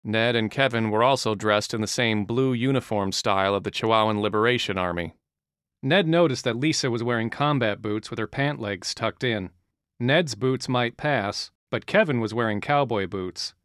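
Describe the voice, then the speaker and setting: A man narrating an audiobook in a steady, even reading style. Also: medium pitch, moderate pace, smooth, dry recording, clean studio sound.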